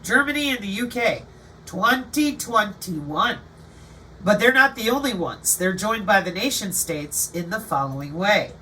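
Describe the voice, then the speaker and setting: A woman's voice: medium pitch, expressive, a little slow, bright, forceful tone, slight background noise. A woman voicing a self-assured official who explains a plan in a patronizing, matter-of-fact way, heard from a slightly distant mic.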